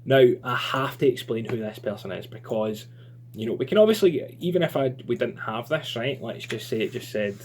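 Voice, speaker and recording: A man's voice: medium pitch, expressive, moderate pace. Chatty man teaching writing. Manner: chatty and informal, lots of fillers. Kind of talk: online lesson.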